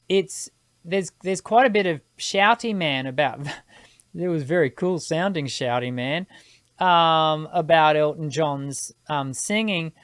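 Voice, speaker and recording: A woman's voice: on the low side, no room sound. A woman hosting a live singing Q&A, thinking aloud as she explains vocal technique with technical terms. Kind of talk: live-stream Q&A, answering viewer questions.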